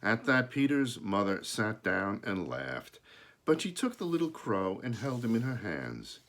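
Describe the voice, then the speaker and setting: A man reading a children's story aloud in an animated way, pausing to talk about the pictures. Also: on the low side. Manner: animated, pauses to point at pictures. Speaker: storybook reader.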